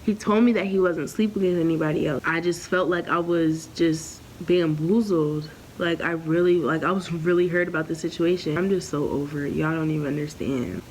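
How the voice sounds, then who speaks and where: A young woman talks straight into the camera for a storytime vlog, candid and animated, with plenty of slang and swearing. Her voice sits lowish for a woman, and her pitch climbs whenever she acts out what someone said. A faint hum of room noise runs under her. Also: normal speed, hardly any pauses, rough recording. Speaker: vlogger.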